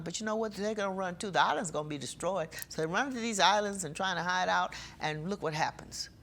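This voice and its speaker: A woman preaching a sermon with passion, slowing down and getting louder when she reads scripture. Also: lowish voice, expressive.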